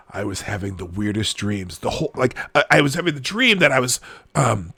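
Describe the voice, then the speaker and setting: A man hosting a live show, telling a rambling story in a casual, animated way with lots of restarts. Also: mid-range voice, moderate pace, gravelly, husky, no echo. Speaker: show host.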